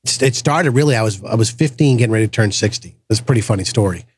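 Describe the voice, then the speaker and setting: Podcast host, man, lively storyteller, dry close sound. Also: on the low side, racing, slightly rough, no room sound. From grew up in the projects. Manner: animated storyteller, acts out quoted voices, frequent restarts. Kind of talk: casual storytelling chat.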